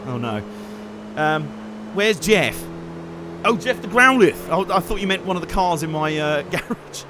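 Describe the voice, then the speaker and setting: A man giving joking, excitable live commentary while playing a racing game and chatting to his viewers. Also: high voice, unhurried. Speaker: streamer. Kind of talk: live let's-play commentary. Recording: game car noise underneath.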